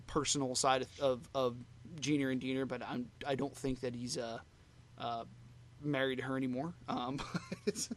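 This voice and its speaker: A man's voice: medium pitch, a little hiss or hum. A man co-hosting a fan podcast, chatting casually and rambling with lots of "you know" and "like" fillers. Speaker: podcast co-host.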